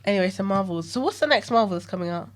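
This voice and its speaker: A young woman with a strong South London accent, co-hosting a laid-back podcast. She talks in quick, animated bursts and is quick to laugh. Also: medium pitch. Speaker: podcast co-host. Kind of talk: casual chat.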